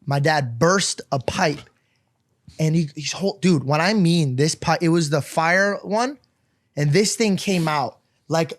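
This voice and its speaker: Man, high-pitched voice, animated storytelling, laughs often, casual podcast chat. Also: unhurried. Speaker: podcast co-host.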